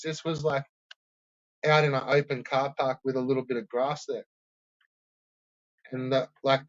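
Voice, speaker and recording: Man, casual sweary commentator, a bit high-pitched, lo-fi sound. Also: no echo. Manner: profane, rambling, laughs often.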